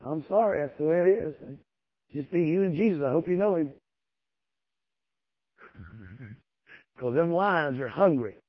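A preacher delivers a folksy, emphatic sermon and hammers his points home through repetition. His voice sits high for a man. The recording is dull and dry, with little room sound. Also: animated, unhurried, pauses often, no room sound.

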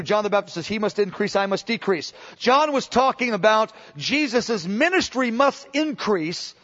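Male preacher, high voice, impassioned teaching with restarts; muffled lo-fi sermon tape. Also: a bit bright. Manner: impassioned, with many restarts and acted-out quotes. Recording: dull lo-fi sermon recording.

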